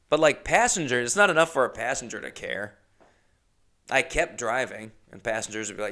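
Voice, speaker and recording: A man hosting a podcast, telling a comedic story in a rambling, animated way and acting out the quotes. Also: medium pitch, brisk. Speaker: podcast host.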